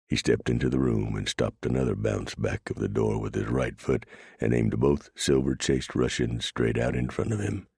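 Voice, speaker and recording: A man narrates a western audiobook with a steady, measured delivery. His voice is extremely deep and gravelly, with a husky, dry close sound. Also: no echo. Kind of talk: scripted narration.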